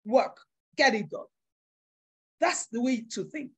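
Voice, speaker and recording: A woman giving a motivational business workshop in a forceful, preacher-like way, acting out little voices. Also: on the high side, animated, slow pace, slightly rough. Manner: emphatic, preacher-like, acts out voices with big swings.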